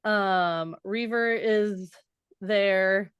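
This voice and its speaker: A woman co-hosting a podcast, retelling a fantasy novel in a loose, animated way and laughing along. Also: medium pitch, drawn-out words, smooth, no echo, highs cut off. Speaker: podcast co-host. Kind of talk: casual book discussion.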